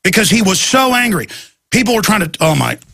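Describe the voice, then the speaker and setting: A man hosting a talk show rambles through a story, acting out the voices of everyone he quotes. His voice is gravelly, raspy and sharp-edged, and it sounds close and dry. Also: high voice, sing-song, fairly quick, no echo. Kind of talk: rambling talk-radio rant.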